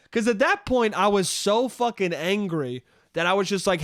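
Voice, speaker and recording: A man's voice: sits high, expressive, normal speed, a bit bright, no echo, studio quality. A young man hosting a solo comedy podcast, telling a story in a profane, exasperated rant. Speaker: podcast host.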